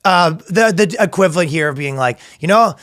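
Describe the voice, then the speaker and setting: Quick-joking male podcast host, dry sound. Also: high voice, lively intonation, a bit bright, no echo. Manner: laughs often, slips into quick voice impressions. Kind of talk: casual comedic chat.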